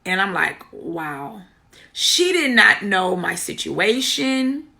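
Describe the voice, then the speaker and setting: A woman's voice: mid-range voice, very animated, slow, creaky, sharp tone. A middle-aged woman earnestly telling her own story on a live stream, greeting viewers by name and repeating key words for emphasis. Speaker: womb healing teacher. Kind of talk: live stream testimony and teaching.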